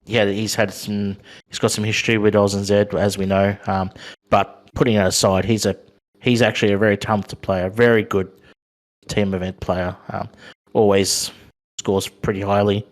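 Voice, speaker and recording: Hesitant Australian man with a low voice. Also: flat delivery, normal speed. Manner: hesitant, many ums and restarts. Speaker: podcast co-host. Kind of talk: casual chat.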